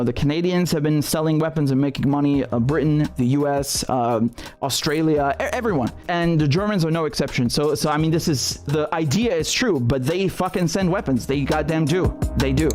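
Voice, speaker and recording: A man's voice: fairly high pitch, brisk, a little mellow. A man hosting live political commentary, indignant and sarcastic, swearing freely as he rants. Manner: indignant, sarcastic, profane ranting. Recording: faint music behind the voice.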